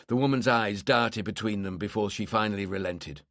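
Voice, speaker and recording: A man reading a crime thriller audiobook in a steady, measured narration. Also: fairly low pitch, creaky, no echo, studio quality.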